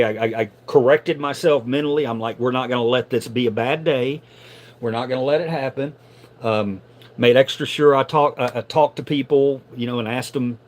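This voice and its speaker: A middle-aged man on a live stream telling a story casually, animated and profane, stumbling over repeated words when riled up. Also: mid-range voice.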